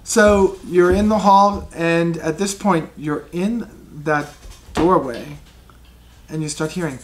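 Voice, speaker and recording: A man narrating a tabletop game as game master, in an animated storytelling manner. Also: fairly high pitch, takes it slowly, a little hiss or hum.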